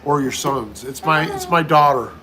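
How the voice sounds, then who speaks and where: A man's voice: medium pitch, moderate pace, crowd noise. A middle-aged man hosting a casual livestream, reading viewer comments aloud and answering each one in turn. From United States. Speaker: livestream host.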